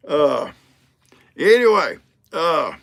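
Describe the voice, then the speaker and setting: A man's voice: on the high side, sing-song, very slow, gravelly. An older man hosting a livestream, telling folksy stories, acting out quotes and laughing often. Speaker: livestream host. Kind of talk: casual livestream chat.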